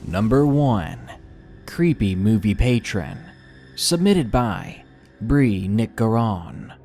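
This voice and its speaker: A man reads a scary story as a scripted narration, his pitch moving expressively. Soft music plays quietly behind him. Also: animated, slow.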